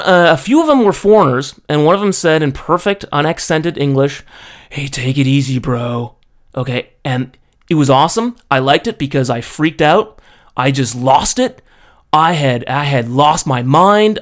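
A man's voice: on the high side, expressive, normal speed. Exasperated man ranting with profanity. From foreigner living in Japan. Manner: profane, exasperated, peppers talk with "okay?". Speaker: storyteller. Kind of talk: casual ranting monologue.

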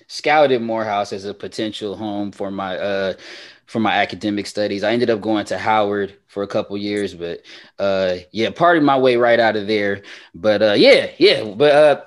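Laughing, loose young man co-hosting a podcast. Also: lowish voice. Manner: loose and laughing, drawn-out hype. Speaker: podcast co-host. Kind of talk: casual podcast chat.

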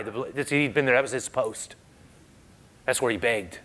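Male pastor, bright and forceful, conversational sermon delivery. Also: fairly low pitch, fairly quick. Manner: conversational, animated storytelling with frequent "right?".

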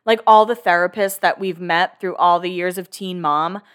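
A woman's voice: fairly low pitch, fairly even intonation, moderate pace, fairly bright tone, clear, resonant tone. A woman hosting a casual recap podcast, rambling through the story in a chatty way. She leans on fillers and drops an occasional swear word. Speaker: podcast host.

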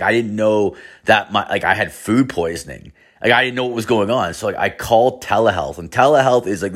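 A man's voice: lowish voice, fairly bright tone. A young man telling a personal story casually, swearing constantly and rambling with lots of "like". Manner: profane, rambling, many fillers.

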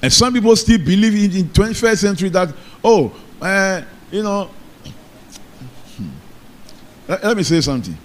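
High-voiced preacher. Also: male voice, animated, moderate pace, long pauses, slight background noise. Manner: call-and-response preaching, asks the congregation for amen. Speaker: pastor. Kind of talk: sermon. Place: church.

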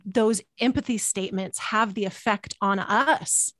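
A woman's voice: medium pitch, unhurried, background noise. A woman hosting a parenting podcast, talking in long reflective run-on thoughts. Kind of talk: casual conversational chat.

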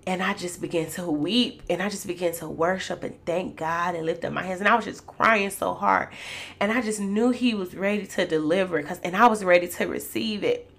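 A woman's voice: on the low side, normal speed, a bit bright. A woman telling a personal faith testimony to her listeners in an emotional, preacherly way. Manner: emotional, preacherly storytelling addressing listeners as y'all. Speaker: podcast host.

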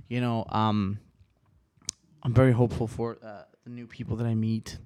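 Young male solo podcaster, twenties, rambling and profane, moody swings from hushed to riled up, dry room. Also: medium pitch, level tone, measured pace, clean tone, no echo. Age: 20s. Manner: profane, rambling, restarts often; swings between quiet musing and riled-up rants.

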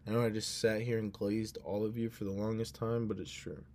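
A man's voice: on the low side, flat delivery, brisk, darkish tone, slight background noise. A young man hosting a casual solo podcast, talking in an earnest, rambling way and cutting himself off, sounding drowsy. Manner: rambling, earnest, self-interrupting. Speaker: podcast host.

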